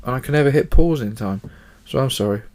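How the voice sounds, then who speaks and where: A man's voice: mid-range voice, animated, fast talker, a little mellow. A man hosting a casual solo podcast, chatty and rambling, swearing offhandedly and fighting off yawns. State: yawning. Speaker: podcast host.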